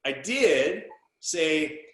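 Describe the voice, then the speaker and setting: Chummy podcast host man, slightly high voice. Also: extremely slow. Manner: animated, chummy storyteller. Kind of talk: casual interview chat. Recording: roomy echo.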